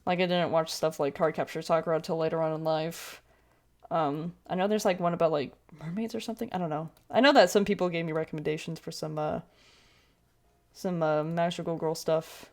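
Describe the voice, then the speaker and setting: A woman's voice: low-pitched, steady tone, a little fast, darkish tone. A woman in her twenties chatting casually while drawing on a livestream, rambling along with lots of fillers and self-corrections. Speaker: streamer.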